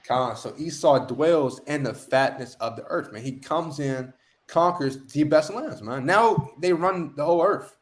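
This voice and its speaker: A man's voice: fairly high pitch, unhurried. A man leading an online scripture lesson, preaching emphatically and often tagging lines with "man". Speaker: lesson teacher.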